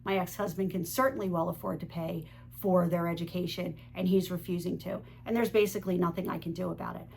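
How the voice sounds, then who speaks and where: A middle-aged woman speaks in a low, gravelly voice, telling her own story and giving advice earnestly and candidly. A faint hum sits under the recording. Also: fairly even intonation, quick pace, hardly any pauses, a little mellow. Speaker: divorce advice video host. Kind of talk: personal story and advice monologue.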